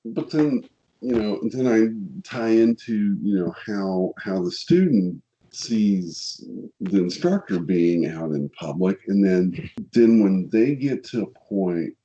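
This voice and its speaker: Deep-voiced Missouri man, blunt and fired up. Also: animated, slow, dark tone, muffled recording. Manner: plainspoken, gets fired up and blunt. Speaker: podcast co-host. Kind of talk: casual podcast chat.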